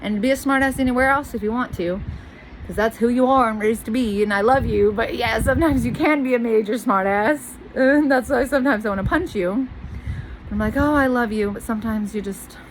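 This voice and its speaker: A woman's voice: fairly high pitch, brisk, slight background noise, poor audio. A woman venting to her camera in a blunt, rambling monologue, swearing freely and repeating herself. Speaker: vlogger.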